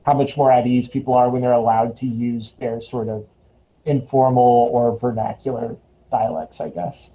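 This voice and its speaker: A man's voice: mid-range voice, flat delivery, normal speed, phone-quality sound. A man, a student, sharing a point casually in an online discussion, hedging with many fillers. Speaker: student, panel participant. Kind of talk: casual discussion on video call. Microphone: video call.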